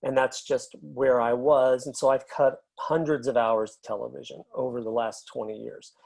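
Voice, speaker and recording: A middle-aged man speaks at an ordinary pitch for a man. He tells his stories in a relaxed, rambling way, with plenty of fillers. He sounds like a film and TV editor being interviewed. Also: moderate pace, creaky. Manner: relaxed storyteller, many fillers. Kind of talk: casual interview anecdotes.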